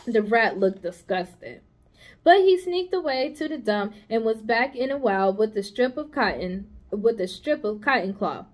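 A woman reads a children's novel aloud to pupils in the manner of a school psychologist. Her voice sits a little high and stays expressive, and she corrects small slips without fuss. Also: moderate pace. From United States. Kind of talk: children's book read-aloud.

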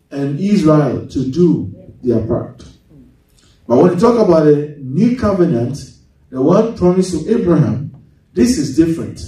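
A pastor delivers a sermon in a slow, deliberate cadence, his voice sitting a bit high for a man yet mellow and dark in tone. He keeps asking the congregation leading questions. He is recorded from a distance in a heavily echoing church hall. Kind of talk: sermon with call-and-response Bible reading. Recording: very echoey hall, mic far off.

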